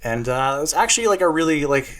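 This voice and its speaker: A man's voice: on the high side, expressive, quick pace, a bit bright. A man co-hosting a car podcast, chatting casually with lots of fillers and a self-deprecating humor. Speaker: podcast co-host.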